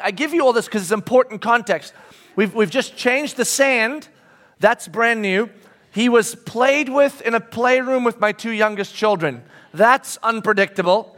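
A middle-aged man preaching a sermon, telling a personal story in a conversational way with frequent restarts and soft, quiet reflective stretches. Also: sits high, normal speed. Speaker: pastor. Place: church sanctuary.

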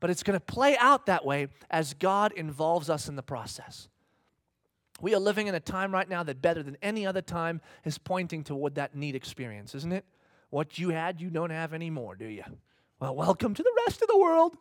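A man's voice: on the high side, expressive, a little fast, a bit bright, dry recording, clean studio sound. A man preaching a sermon to a congregation, acting out little dialogues and asking questions of his listeners. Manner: dynamic preaching, acts out dialogue in mock voices, asks the congregation questions. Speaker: pastor.

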